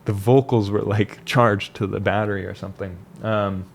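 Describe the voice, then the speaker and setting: Young man, slightly low voice; loose, reflective monologue with frequent restarts. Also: fairly even intonation, normal speed, creaky. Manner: reflective, rambling with restarts and fillers. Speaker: vlogger. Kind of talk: casual personal monologue.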